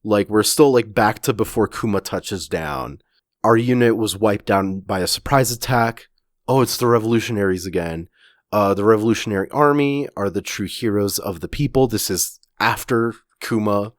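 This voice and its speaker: A man co-hosting a podcast, talking casually in a halting way with many fillers and restarts. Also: on the low side, no echo, clean studio sound. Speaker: podcast co-host. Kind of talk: casual chat, recapping a comic chapter.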